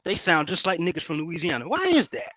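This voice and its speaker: A man with a South Carolina accent in casual podcast chat, animated, swearing freely and often restarting his sentences. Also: fairly high pitch, fast, low-quality recording.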